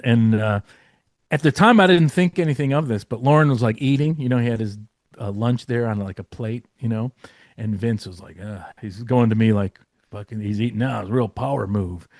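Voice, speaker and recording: A man's voice: medium pitch, no room sound, clean studio sound. Rambling, profane man telling stories. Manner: rambling, profane, lots of fillers. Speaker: podcast guest, former comedy writer. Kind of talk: casual storytelling.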